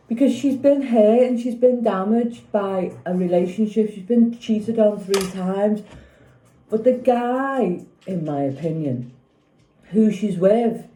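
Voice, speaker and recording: A woman's voice: on the high side, warm tone. A woman in her fifties chatting casually in a vlog, giving rambling opinions on a TV show and often checking if you follow her. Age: 50s. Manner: rambling, opinionated, keeps asking "do you know what I mean". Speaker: vlogger. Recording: echoey room.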